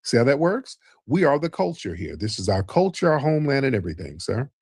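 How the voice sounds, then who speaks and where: A man hosting a live call-in show, talking in a middle-pitched voice with a combative, mocking edge. He keeps throwing "sir" at the caller and slides into long, lecturing stretches. The recording is close and dry, with no room sound. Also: very animated, brisk, darkish tone, husky, no room sound. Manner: lectures at length in a storytelling way. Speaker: host.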